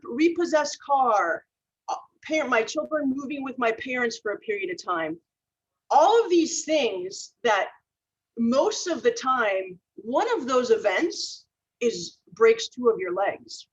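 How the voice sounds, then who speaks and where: Husky, earnest woman telling her story. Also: a little high, lo-fi sound. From Minnesota. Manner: earnest storytelling, laughs at own mistakes. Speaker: keynote speaker. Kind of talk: motivational talk.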